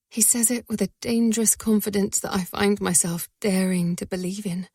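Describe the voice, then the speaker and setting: A woman narrating a first-person romance audiobook in a soft, breathy voice that often sinks to a whisper. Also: medium pitch, steady tone, moderate pace, hardly any pauses, dry recording, clean studio sound.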